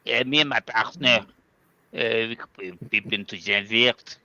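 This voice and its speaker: A man's voice: fairly low pitch, measured pace, sharp tone, no room sound, muffled recording. A man hosting a casual comedic racing commentary podcast, rambling and joking with playful stutters. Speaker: podcast host.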